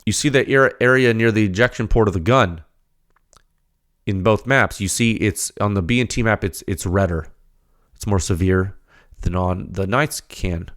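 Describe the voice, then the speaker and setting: A man hosting a technical podcast, talking in an animated, ranting way with rapid rhetorical questions before settling into explaining data. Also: lowish voice. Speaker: podcast host.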